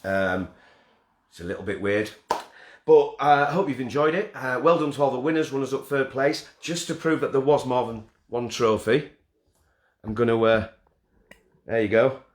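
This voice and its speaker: A man's voice: medium pitch, normal speed, pauses often. A man hosting a festival live stream from his front room, joking and self-deprecating as he rambles through the winners. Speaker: festival host announcing winners. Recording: roomy front-room echo.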